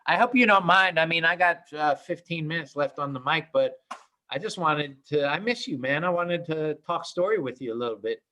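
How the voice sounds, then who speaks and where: A man's voice: a little high, animated, moderate pace, bright, forceful tone, slight background noise. A man hosting a live day trading room, chatting in an upbeat, chummy, rambling way. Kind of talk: casual live trading chat.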